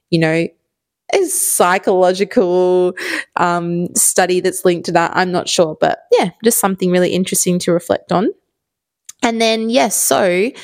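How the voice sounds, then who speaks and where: A woman's voice: lowish voice, creaky, no room sound. A woman in her thirties with an Australian accent, hosting a podcast in casual, rambling solo storytelling full of fillers. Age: 30s. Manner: chatty, rambling, many fillers. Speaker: podcast host.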